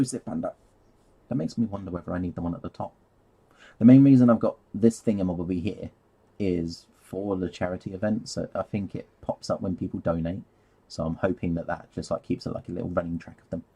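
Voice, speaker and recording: A man's voice: deep voice, warm tone, husky. A man rambling casually on a live stream while painting, easily sidetracked and laughing at himself.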